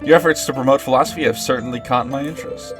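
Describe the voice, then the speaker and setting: A man voicing a calm, otherworldly male guide with a measured, steady way of talking, over background music. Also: medium pitch, close to an everyday voice.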